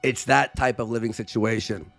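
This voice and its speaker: A man casually telling a story on a live stream, animated, acting out what people said with shifting voice and volume. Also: mid-range voice, moderate pace, creaky, music in the background.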